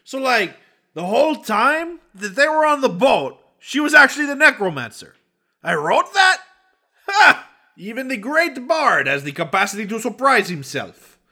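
A man playing a flamboyant, high-voiced bard. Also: big pitch swings, normal speed, bright, forceful tone, heavily acted. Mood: amused. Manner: theatrical, delighted. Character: flamboyant male bard narrating to an audience.

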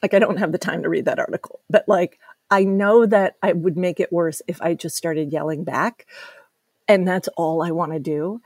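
A woman telling a candid, animated story about her daughter, with self-deprecating humor. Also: on the low side, moderate pace, no room sound, clean studio sound.

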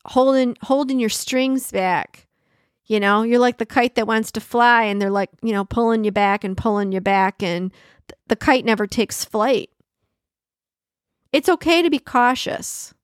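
A woman's voice: a little high, dry recording, studio quality. A woman hosting a solo podcast, talking in a conversational way, repeating key phrases for emphasis and laughing often. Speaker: podcast host.

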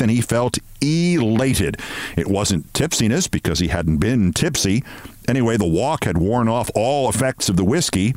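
A man hosting a show, reading a short story aloud in an expressive, measured way. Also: mid-range voice, no echo.

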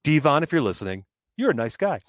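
A man's voice: fairly high pitch, fast talker, no room sound. A middle-aged man telling a funny story in casual chat, acting out the other people's lines and swearing now and then. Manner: animated, acts out quoted voices, swears.

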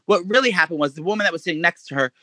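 Fast, bright-voiced man telling a story. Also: no room sound. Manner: animated storyteller, swears a lot; acts out quotes in a high voice. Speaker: podcast co-host. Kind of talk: casual chat.

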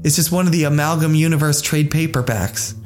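A man's voice: a little high, fairly quick, darkish tone, faint music behind. A man in his thirties hosting a podcast, ranting in a rambling, exasperated, profane way. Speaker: podcast host. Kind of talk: casual chat.

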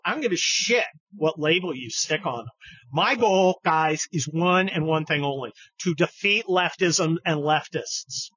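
On his podcast, this man's voice sits a little high, sounding a bit bright and slightly rough as he speaks unhurriedly. His casual political commentary turns heated, sarcastic and full of profanity, captured in a dull, dry studio recording.

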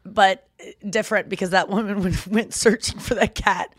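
A woman co-hosting a casual comedy podcast, telling profane, lively stories with acted-out quotes. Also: medium pitch, normal speed, no echo, studio quality. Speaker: podcast co-host; stand-up comedian.

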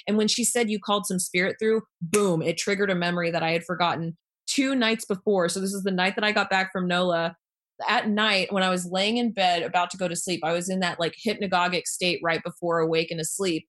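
A woman telling a personal story in a casual, animated way, acting out what people said with lots of "like" fillers. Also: on the low side, brisk. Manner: animated, acts out quoted lines, many fillers.

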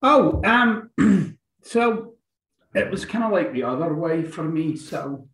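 A man's voice: a little high, expressive, slow pace, gravelly, a bit bright, reverberant, rough recording. A man from Glasgow with a Scottish accent, a guest author talking casually and reflectively in an interview. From Scotland.

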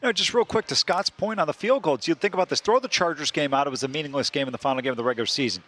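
A man's voice: fairly high pitch, racing, sharp tone. A man co-hosting a sports betting show, making his picks in an emphatic way. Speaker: co-host.

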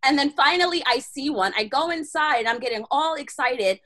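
A woman guest telling a personal story in animated, slangy conversation, acting out her own inner dialogue. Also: sits high, normal speed. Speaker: podcast guest.

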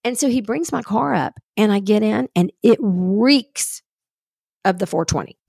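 Unhurried and gravelly with a breathy edge, this medium-pitched woman co-hosts a podcast and tells a story in relaxed chat. She animatedly performs the other people's lines, and the recording is dry and studio quality.

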